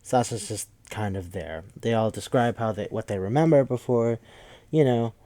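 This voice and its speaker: A man's voice: fairly low pitch, moderate pace, mellow, dry recording. Rambling, profane man recapping a movie. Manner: rambling, profane, acts out characters' lines. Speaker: podcast host.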